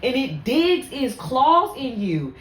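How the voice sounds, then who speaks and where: A woman podcast host telling stories about faith and anger, speaking in an animated, preachy way. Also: sits high, slow pace. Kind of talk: casual faith talk. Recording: echoey room, faint ambience.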